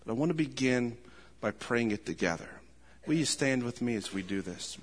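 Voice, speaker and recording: A man preaching a sermon as pastor, rising to fervent, emphatic peaks and dropping back to a quiet, close tone. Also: medium pitch, animated, normal speed, long reverb tail, a little hiss or hum. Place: church.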